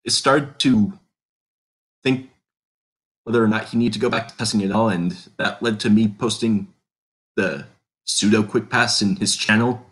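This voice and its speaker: A man with a lowish voice chats on a casual podcast. He explains his choices in long, winding sentences that loop back and correct themselves. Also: steady tone, normal speed, long pauses. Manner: rambling, self-correcting explanations. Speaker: podcast co-host, character creator.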